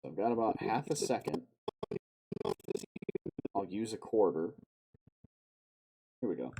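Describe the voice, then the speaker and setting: A man's voice: lowish voice, big pitch swings, slow pace, warm tone, slight background noise. A man streaming live, talking to himself as he edits a video, swearing often and breaking into sudden outbursts. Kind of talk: casual self-talk while video editing on stream.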